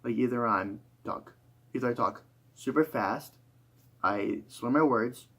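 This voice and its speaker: A man's voice: medium pitch, measured pace, fairly bright tone, breathy edge. A tired young man talking through a rambling, reflective monologue, full of fillers and restarts. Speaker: YouTuber.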